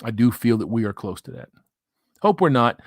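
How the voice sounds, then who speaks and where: A man's voice: mid-range voice, sing-song, moderate pace, no echo, clean studio sound. A man hosting a live stream, reading viewer comments and ranting in crude, profane, mocking banter. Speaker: livestream host.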